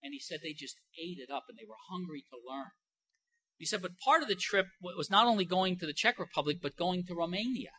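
Bright-voiced male preacher. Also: sits high, very animated, fast, slightly rough. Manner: conversational preaching with rising emphatic passages. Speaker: pastor. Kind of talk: sermon.

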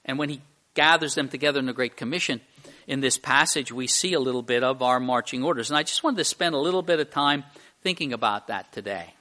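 A man's voice: mid-range voice, fast talker, pushed and bright. A man preaching a sermon, conversational, with frequent restarts and repeated words. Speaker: pastor.

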